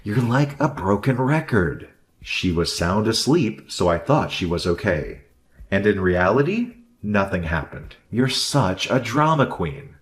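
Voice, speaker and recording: A man voicing a deep-voiced arrogant husband. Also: very animated, measured pace. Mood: scornful. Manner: dismissive and condescending, later whiny. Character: selfish husband, adult man, arrogant and blaming. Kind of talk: narrated drama story dialogue.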